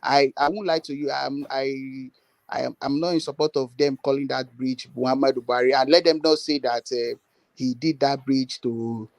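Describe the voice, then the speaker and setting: A man's voice: mid-range voice, steady tone, normal speed, creaky, no echo. A man earnestly making his case in a political discussion, repeating words and using many fillers.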